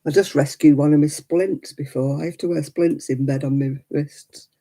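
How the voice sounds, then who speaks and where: A woman's voice: sits low, steady tone, moderate pace, warm tone. A middle-aged woman chatting casually while knitting on a crafting livestream, cooing baby talk to her dog in between.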